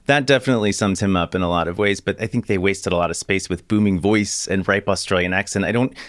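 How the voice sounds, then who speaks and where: A man's voice: deep voice, fast talker, no echo, studio quality. A man co-hosting a podcast in casual chat, wry and critical. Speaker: podcast co-host.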